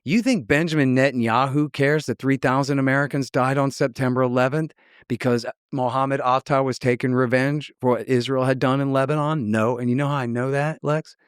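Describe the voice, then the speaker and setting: A man's voice: medium pitch, steady tone, a little fast, clean tone, no room sound, clean studio sound. A man being interviewed on a podcast, talking bluntly and sarcastically, mocking the people he quotes as he tells his story. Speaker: guest.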